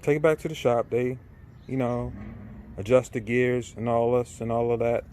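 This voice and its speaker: A man's voice: mid-range voice, level tone, moderate pace, a little mellow, a little hiss or hum. A middle-aged man in an irate, casual rant, repeating himself, swearing and often asking "right?". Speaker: vlogger. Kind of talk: casual ranting monologue.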